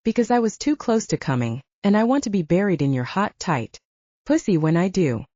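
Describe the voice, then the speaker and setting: A woman reading an audiobook, voicing an adult man with a raspy, commanding, growling manner. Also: mid-range voice, sing-song, brisk, dark tone, no echo, highs cut off. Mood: urgent. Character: demanding adult male lover.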